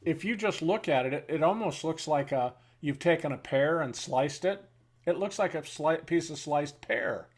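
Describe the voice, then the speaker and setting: A man in his seventies, a veteran interviewee telling war stories in a halting way, with pauses and fillers, then blunt and wry. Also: fairly high pitch, animated. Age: 70s. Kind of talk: reflective war storytelling.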